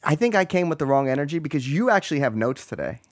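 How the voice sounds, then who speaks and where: A man's voice: fairly high pitch, fast talker, dry recording, clean studio sound. A man co-hosting a podcast, teasing and sarcastic in casual chat. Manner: teasing, sarcastic, lively delivery. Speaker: podcast co-host. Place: room, seated in a lawn chair. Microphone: mic muffled with a wool glove.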